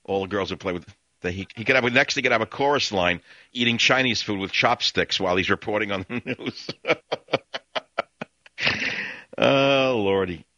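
A man's voice: fairly low pitch, fairly quick, sharp tone, no room sound, highs cut off. An older man hosting a radio talk show, rambling and sarcastic as he airs his opinions in a monologue.

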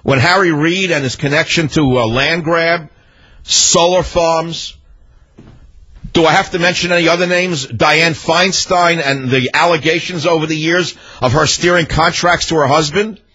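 Angry talk radio guy, husky voice, repeats words for punch, muffled lo-fi sound. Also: fairly high pitch, normal speed, sharp tone. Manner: combative, indignant, emphatic repetition. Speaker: radio talk show host. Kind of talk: talk radio monologue and calls. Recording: dull lo-fi radio audio.

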